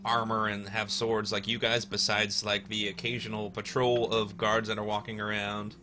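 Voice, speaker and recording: A man's voice: lowish voice, flat delivery, moderate pace, bright, forceful tone, slight background noise. A man narrating a tabletop game as game master, rambling with fillers and restarts.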